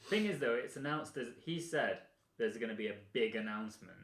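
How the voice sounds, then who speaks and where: A man co-hosting a casual podcast chat, animated and prone to restarting his sentences. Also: mid-range voice, fairly quick. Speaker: podcast co-host. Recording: roomy echo.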